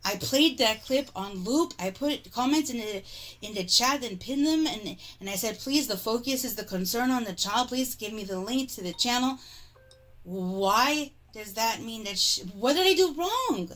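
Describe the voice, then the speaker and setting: A woman's voice: on the high side, lively intonation, moderate pace, fairly bright tone. Casual: woman on her stream, fed up, cursing constantly. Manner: exasperated, heavily profane ranting. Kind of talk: livestream rant.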